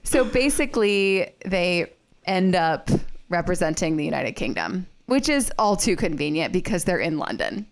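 A young woman recaps a movie in a casual chat, her voice smooth and resonant and pitched a little low. She talks loosely, full of "like" and quick laughs. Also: very animated. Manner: chatty, heavy use of "like", laughs often. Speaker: podcast co-host.

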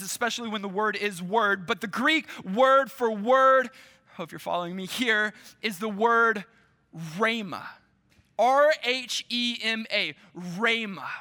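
A male pastor preaching a sermon to his church, slow and emphatic, with dramatic pauses. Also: very high-pitched, bright, forceful tone.

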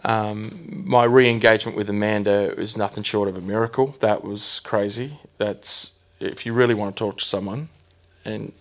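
A man telling his personal story as a guest, candid and halting, often restarting his sentences. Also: lowish voice, steady tone.

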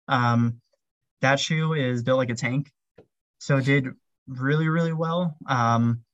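A man's voice: mid-range voice, no room sound, lo-fi sound. A man chatting casually as an interview guest, rambling with lots of "um" and "like" fillers. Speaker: podcast guest, ultrarunner.

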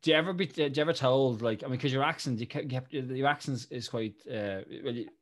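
Man, Irish accent, podcast host, casual chat, halting with fillers, middle pitch. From Ireland. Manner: hesitant, many restarts and fillers.

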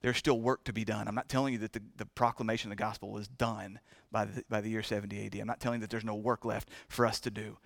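A man preaching a sermon in a church, impassioned and repetitive, moving between hushed and loud delivery. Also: fairly low pitch, level tone, quick pace, creaky, no echo, clean studio sound. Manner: chokes up with emotion. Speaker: pastor. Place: church sanctuary.

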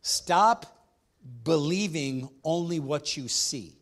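A man's voice: a little high, takes it slowly. A man preaching a sermon as pastor, emphatic, calling for responses from the congregation.

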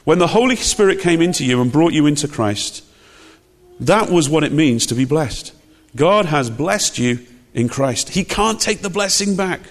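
A man's voice: a little high, lively intonation, normal speed. A man preaching a sermon, emphatic and conversational, with frequent rhetorical questions. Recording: long hall reverb.

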